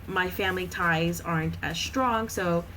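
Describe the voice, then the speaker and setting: A woman's voice: fairly low pitch, measured pace, fairly bright tone, slight background noise, poor audio. A woman in her thirties, a podcast guest chatting casually with lots of fillers and frequent laughter.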